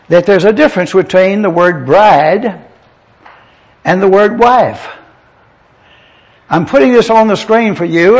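A man with a high but darkish voice gives a teaching sermon, speaking straight to the congregation and spelling out words one letter at a time. The recording sounds dull and lo-fi.

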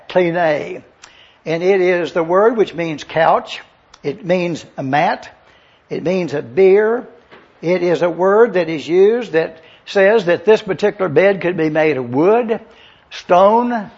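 An older man preaching a teaching sermon as pastor, slowly explaining words and spelling them out letter by letter. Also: high voice, darkish tone, slightly rough, muffled recording. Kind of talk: expository sermon.

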